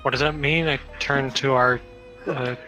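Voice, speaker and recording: A man's voice: mid-range voice, steady tone, normal speed, sharp tone, faint music behind, poor audio. A man playing a tabletop game, brash and joking, swearing casually. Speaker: player.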